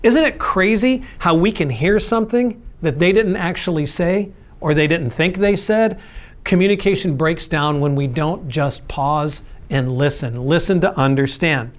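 A man's voice: on the high side, moderate pace. A man preaching a sermon in an earnest, conversational way, acting out everyday quotes as he goes. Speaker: pastor.

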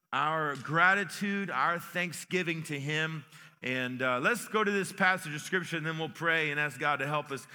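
Bright-voiced male pastor in echoing church. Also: on the high side. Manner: folksy, joking storyteller with many restarts. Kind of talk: sermon. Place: church sanctuary.

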